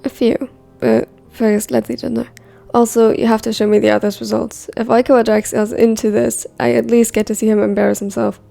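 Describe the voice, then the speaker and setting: A woman's voice: on the high side, little pitch movement, a little fast, creaky, dark tone, faint music behind. A woman reading a protective, teasing young man in a fan fiction story.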